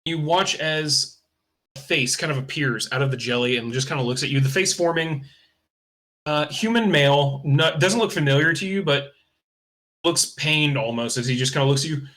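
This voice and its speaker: A man's voice: fairly high pitch, moderate pace, fairly bright tone. A man narrating a tabletop game as game master, in a casual, loose style with fillers like "kinda" and "uh".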